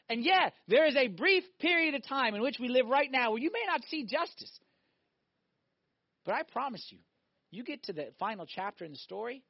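Male pastor, middle-aged, higher voice; animated sermon delivery, loud peaks and hushed asides, dry close sound. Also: husky, no echo, muffled recording. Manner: animated, swings between loud emphatic and quiet reflective delivery.

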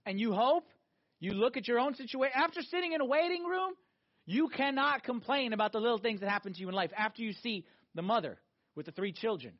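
A high-voiced male pastor delivers a conversational sermon with plenty of emphasis, circling back to his central question. The recording sounds dull and lo-fi. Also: expressive, brisk.

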